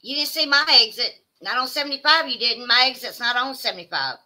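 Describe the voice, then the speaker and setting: A woman with a Southern American accent reads her livestream viewers' comments aloud during casual chat, speaking in a fairly quick, expressive voice on the high side that's bright and forceful. She's chatty, prone to exclaiming, and drawls asides to the chat.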